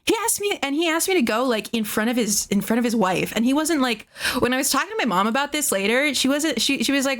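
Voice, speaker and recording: A woman's voice: high-pitched, expressive, fast talker, fairly bright tone. A young adult woman streamer chatting casually with her live chat, rambling and sarcastic, swearing a lot.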